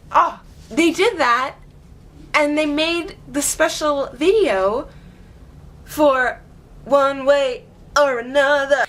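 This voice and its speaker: A woman vlogging in casual chatty storytelling, giggly, excitable and gushing. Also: sits high, takes it slowly, pauses often.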